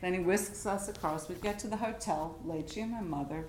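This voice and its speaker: An older woman telling family stories in an interview, animated and laughing often, acting out the people she quotes. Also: lowish voice, fairly quick. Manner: lively, laughs often, acts out quoted voices. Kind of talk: animated storytelling. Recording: echoey room with faint noise.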